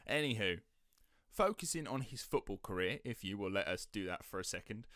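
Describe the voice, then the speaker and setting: A man's voice: fairly low pitch, animated, fairly quick, fairly bright tone, no room sound, clean studio sound. A man hosting a podcast, telling a story in a chatty, sceptical way. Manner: chatty, sceptical, slips into quoted voices. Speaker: podcast host. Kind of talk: casual storytelling chat.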